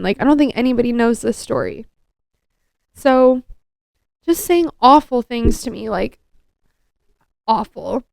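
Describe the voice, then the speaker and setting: A woman's voice: a little high, a little slow, creaky, pauses often, a little mellow, dry recording. A young adult woman co-hosting a podcast, telling a personal story in an earnest, confessional way and often saying "like". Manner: earnest, confessional, heavy use of "like". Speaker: podcast co-host.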